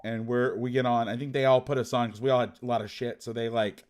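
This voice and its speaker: A man hosting a football podcast, chatting casually and telling an animated, profane story. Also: mid-range voice, fast, a little hiss or hum. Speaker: podcast host and football coach. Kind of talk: casual chat.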